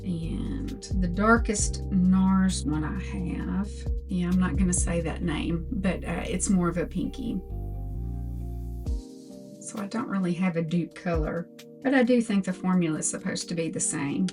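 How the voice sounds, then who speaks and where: Older female beauty vlogger, unhurried, faint music underneath. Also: on the low side. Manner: slow, chatty product talk. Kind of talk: makeup tutorial.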